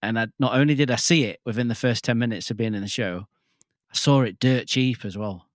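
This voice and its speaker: A man in his forties, a podcast guest in casual chat, excitable and swearing freely. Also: mid-range voice, a little fast, no echo, clean studio sound. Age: 40s.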